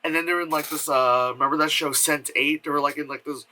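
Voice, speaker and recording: A man reviews films in a loose, rambling way, full of fillers and restarts, and slips into mocking voices to act out what people said. His voice sits a little high and sounds bright and tense. He records at home, where an air purifier keeps humming. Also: fairly even intonation, fast talker, low-quality recording. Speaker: film reviewer. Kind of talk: casual spoken film review.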